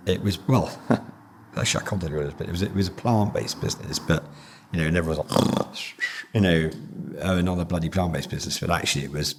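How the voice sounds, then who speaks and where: Chatty older Englishman, deep voice. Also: a little hiss or hum. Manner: chatty, swears freely, laughs often. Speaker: podcast guest, brand founder. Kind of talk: casual chat.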